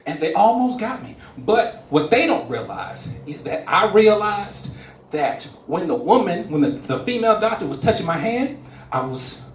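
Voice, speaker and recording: A man's voice: sits high, normal speed, slight background noise. A man doing a stand-up comedy set, telling a story and acting out the characters in it. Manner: animated storytelling, acts out characters. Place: comedy club stage. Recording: roomy live venue mic from a distance.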